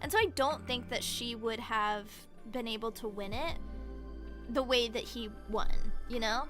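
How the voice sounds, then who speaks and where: A woman streamer in casual chat, excitably rambling through a story with lots of "like". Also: on the high side, measured pace, faint music behind. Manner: excitable rambling retelling, heavy use of "like".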